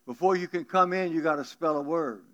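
A man's voice: a little high, fairly quick, highs cut off, close to an everyday voice. Saint Peter, as an older man puts him on. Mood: brisk. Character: Saint Peter, brisk male gatekeeper of heaven.

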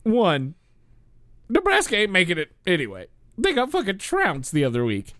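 A man co-hosting a sports podcast, talking in an animated, casual way and swearing freely. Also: high voice, moderate pace, no echo, clean studio sound. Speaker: podcast co-host.

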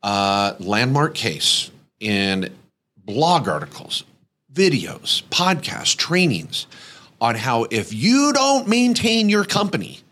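Animated storytelling man. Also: a little high, slightly rough. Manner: lively, acts out voices in anecdotes. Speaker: podcast host.

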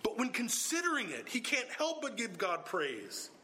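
A man preaching an expository sermon, emphatic and swinging from low, even delivery to sudden exclamations. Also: moderate pace.

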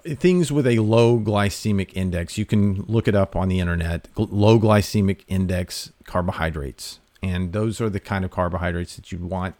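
A man hosting a talk, giving health advice in a relaxed, conversational way with fillers and restarts. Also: sits low, no room sound. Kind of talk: casual explanatory talk.

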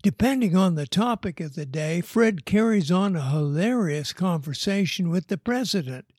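A man reading a story aloud in an unhurried, measured way. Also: high-pitched, lively intonation, a little mellow, no echo, clean studio sound. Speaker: narrator.

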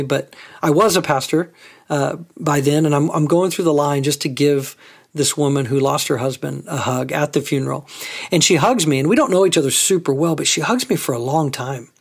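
Guy preaching a sermon, kinda husky, chatty, keeps asking the room stuff. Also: on the high side, fairly quick. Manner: conversational, asks rhetorical questions. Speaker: pastor.

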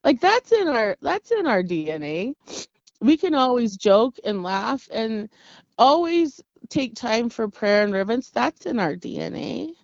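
A woman in her thirties, from the Navajo Nation, telling personal stories in an interview with an earnest, halting manner. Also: fairly high pitch, creaky, no echo, highs cut off. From Navajo Nation, US Southwest. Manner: earnest, halting, with frequent restarts and laughs. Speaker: interview guest. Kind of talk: reflective personal storytelling.

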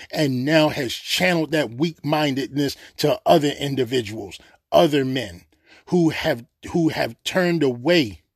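A man's voice: medium pitch, slightly rough, no echo, clean studio sound. A man preaching an unscripted sermon, earnest and emotional, repeating phrases for emphasis.

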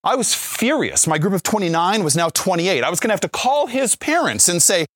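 A man in his forties tells a faith story to listeners, his fairly high voice rising and dipping with lively energy. He acts out the lines of the people in his tale and keeps checking in with "right?". The sound is close and dry, with no room around it. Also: brisk, no echo. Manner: animated storyteller, acts out quotes, frequent "right?". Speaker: Catholic speaker, former youth minister.

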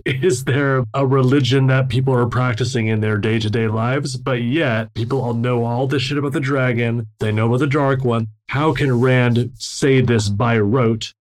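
Curious, musing man discussing a novel. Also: medium pitch. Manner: musing, curious, casual with mild swearing. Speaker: book club co-host. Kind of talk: casual book discussion.

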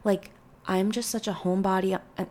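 A woman's voice: medium pitch, little pitch movement, brisk, a little mellow. A woman hosting a casual solo podcast, giving rambling, chatty advice full of "like" fillers.

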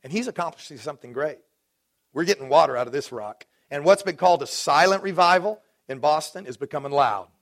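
A man in his forties from Dallas preaching a sermon to his congregation, swinging between rising fervor and relaxed storytelling asides. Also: on the high side, brisk. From Dallas, Texas. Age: 40s. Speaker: pastor.

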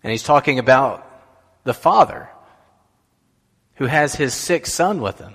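A man's voice: medium pitch, expressive, a little slow, long pauses, a bit bright, slightly rough. A man giving a sermon as pastor, in a conversational way that puts questions to the listeners. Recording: long hall reverb.

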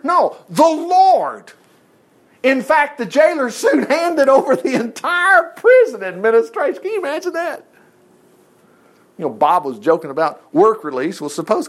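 A man teaching a Bible study, reading scripture aloud and breaking in with folksy exclamations and rhetorical questions. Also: sits high.

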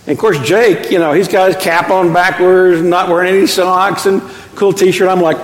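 A middle-aged man preaching a sermon as pastor, an animated storyteller with quick self-deprecating asides. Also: high-pitched. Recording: echoey hall with long reverb.

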